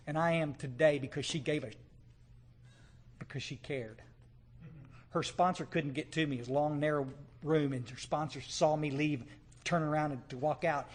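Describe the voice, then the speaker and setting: A man telling his recovery story to a live meeting in a folksy, animated way, often checking in with the audience. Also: a little high.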